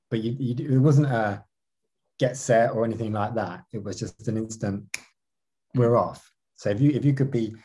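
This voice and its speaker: A man's voice: lowish voice, mellow, husky. A man answering interview questions about his racing career, talking animatedly with many restarts. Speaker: marathon canoe racer.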